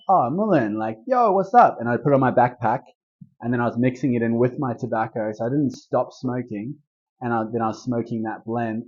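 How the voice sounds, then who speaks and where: A man's voice: medium pitch, mellow, muffled recording. A man leading a casual herbalist workshop, talking in a laid-back, rambling way with lots of fillers. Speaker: herbalist leading a group talk.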